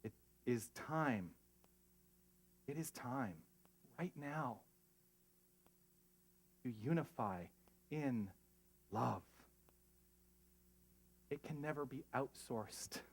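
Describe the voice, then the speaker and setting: Guy pastor giving a sermon, earnest, gets emotional, goes quiet then lively. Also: medium pitch, extremely slow, pauses often. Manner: emotional, earnest, shifts from hushed to animated.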